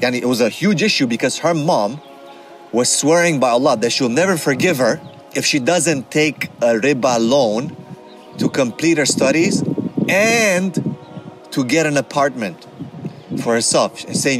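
A man's voice: mid-range voice, expressive, normal speed, music in the background. Man giving a casual religious talk. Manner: conversational, often asks "right?", mixes Arabic terms. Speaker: Islamic speaker and counselor.

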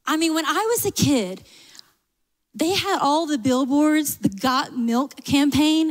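Southern woman pastor, high bright voice, lively preaching, long hall echo. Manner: lively, animated preaching with humor and asides. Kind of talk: sermon. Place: church sanctuary.

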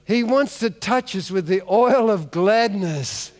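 High-voiced pastor, animated storytelling. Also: male voice, takes it slowly. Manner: animated comic storytelling, acting out characters. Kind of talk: sermon. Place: large church hall. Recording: long hall reverb.

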